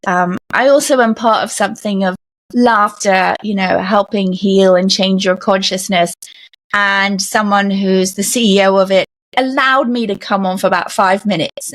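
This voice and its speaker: A woman guest on a podcast, telling stories in a lively way and acting out the voices of the people in them. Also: medium pitch, no echo. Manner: animated storyteller, acts out quoted voices. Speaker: podcast guest, comedian and author. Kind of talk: casual interview talk.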